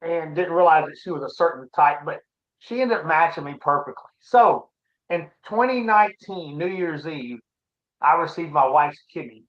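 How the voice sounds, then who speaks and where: A middle-aged man as an interview guest, telling his personal story in a halting, reflective, earnest way. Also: on the high side, expressive. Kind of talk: casual conversation, personal story. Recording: roomy, dull lo-fi sound.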